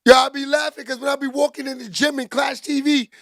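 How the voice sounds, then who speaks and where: A man hosting a casual livestream, loud and joking as he greets viewers by name and reads their comments. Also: very high-pitched, little pitch movement, fast, dry recording, clean studio sound. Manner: loud, joking, shouts out chat names. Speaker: livestream host reading chat. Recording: music playing behind.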